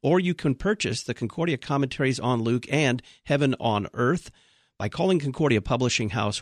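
A man hosting a radio talk show, reading announcements and introducing his guest in a measured, announcer-like way. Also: medium pitch, lively intonation, dry recording, clean studio sound.

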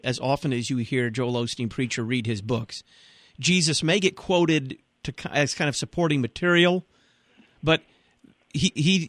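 Male radio host, mid voice, brisk questioning, dry studio. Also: mid-range voice, a bit bright, dry recording. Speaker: radio talk show host. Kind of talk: radio talk show.

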